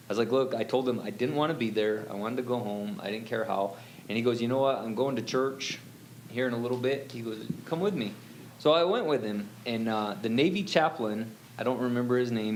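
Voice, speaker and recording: A man telling his own story in a relaxed, rambling way, full of fillers and quoted lines. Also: on the low side, a little hiss or hum, low-quality recording. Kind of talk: casual storytelling.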